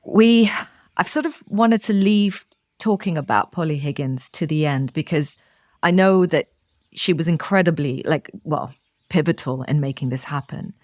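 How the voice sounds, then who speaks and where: A woman hosting a podcast interview, responding warmly and asking questions. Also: low-pitched, moderate pace, no room sound, studio quality. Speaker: podcast host. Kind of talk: conversational interview.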